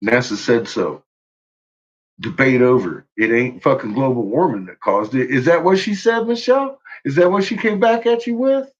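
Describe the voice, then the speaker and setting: Man, livestream rant, cursing, rambling, frequent laughter, husky voice, dull lo-fi recording. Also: mid-range voice, lively intonation, normal speed. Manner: profane, rambling, laughs often. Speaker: livestreamer reading chat. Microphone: own microphone.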